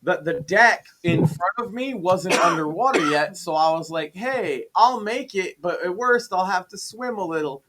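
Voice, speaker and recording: A man's voice: sits high, moderate pace, few pauses, heavy background noise. A man on a podcast, casually retelling a gaming story and acting out his own lines. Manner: animated retelling, acts out his own quotes. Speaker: podcast guest.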